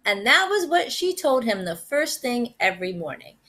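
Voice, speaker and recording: A first grade teacher, a woman, reading a picture book aloud in an animated, expressive way. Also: on the high side, normal speed.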